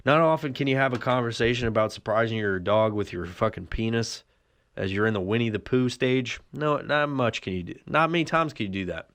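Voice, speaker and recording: A man's voice: medium pitch, fairly quick, fairly bright tone. A man hosting a solo podcast, telling a rambling, profane comic story and laughing often. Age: adult with a son. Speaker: podcast host.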